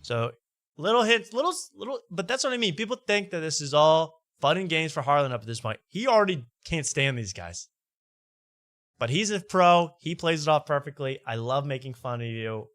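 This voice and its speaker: Male host, bright tone, dry close mic, mocking casual commentary. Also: a little high, animated, moderate pace, no echo. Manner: wry, mocking, laughs as he talks. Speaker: host reacting to podcast clips.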